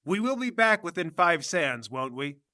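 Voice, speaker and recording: A bossy old noblewoman waves off everyone around her, as a man puts her on for a tabletop game. The voice sits well above a man's usual register and carries a bright edge. It is recorded close and dry. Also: a little high, sing-song, normal speed, no echo, pitched above the performer's own voice. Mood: imperious. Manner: bossy and dismissive. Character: haughty old female noble, imperious, fussy.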